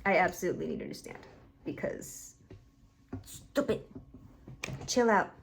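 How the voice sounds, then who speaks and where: A woman's voice: on the low side, wildly swooping pitch, unhurried, vocal fry. A young woman from Puerto Rico giving emphatic, casual reaction commentary at home, swearing freely into a camera on a stand. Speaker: reaction video host.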